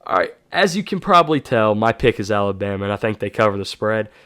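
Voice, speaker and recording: Smooth, dry-voiced male sports show host. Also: on the low side, lively intonation, fast, fairly bright tone, dry recording. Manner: casual, self-correcting, hyping players. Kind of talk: solo sports prediction talk.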